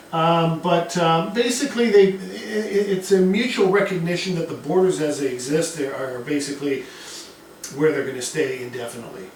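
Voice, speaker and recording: A man teaching a history lesson in a conversational lecture style, with fillers and self-corrections. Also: fairly high pitch. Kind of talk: classroom lecture. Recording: distant mic, very echoey room, faint noise.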